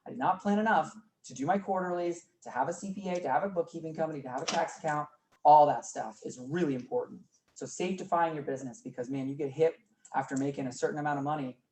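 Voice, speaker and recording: In an office meeting room, a workshop presenter with a mid-range, darkish voice gives a small group an informal business training talk. The delivery is chatty, full of coined words and mid-sentence corrections, recorded in an echoey room with a distant mic and faint noise.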